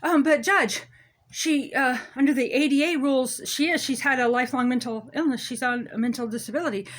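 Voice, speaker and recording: Woman ranting to camera, sarcastic and punchy, bit high voice. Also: fairly quick, fairly bright tone. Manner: sarcastic, emphatic, self-mocking. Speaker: local commentator. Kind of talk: ranting monologue.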